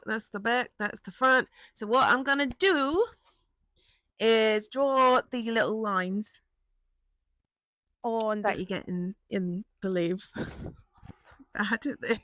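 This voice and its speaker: A young British woman chatting casually in a vlog about her small craft business, rambling and laughing often and jumping up into high excited tones. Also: no echo. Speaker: small business owner and vlogger.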